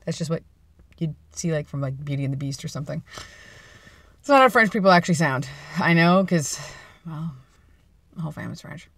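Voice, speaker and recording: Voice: mid-range voice, lively intonation, brisk, creaky, pauses often, a bit bright, no room sound. A vlogger chatting casually and playfully from inside a parked car, rambling and laughing at their own jokes. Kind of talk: casual chat.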